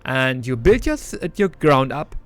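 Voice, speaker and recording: A man's voice: medium pitch, very animated, a little slow, fairly bright tone, dry recording, faint music behind. A man casually reviewing an old strategy game, chatty and enthusiastic with many restarts.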